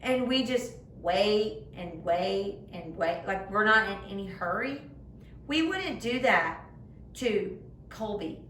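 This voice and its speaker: A young woman giving a children's sermon in simple, animated words, recorded in a church room. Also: medium pitch, slow pace. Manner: animated, speaks simply to children, acts out voices. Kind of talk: kids' sermon. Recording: echoey room, far from the mic, faint noise.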